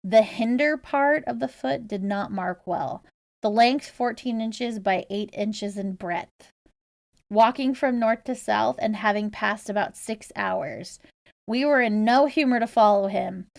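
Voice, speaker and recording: A woman's voice: on the high side, a little slow, vocal fry, no room sound, clean studio sound. A woman co-hosting a casual podcast, chatty and laughing often, reading out research with fillers. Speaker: podcast co-host.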